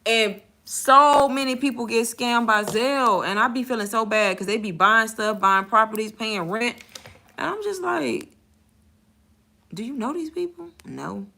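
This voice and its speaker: A woman's voice: on the high side, moderate pace, bright, forceful tone. A young woman talking candidly in a casual storytime vlog, blunt and slangy, laughing often as she talks. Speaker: content creator and bank call center agent.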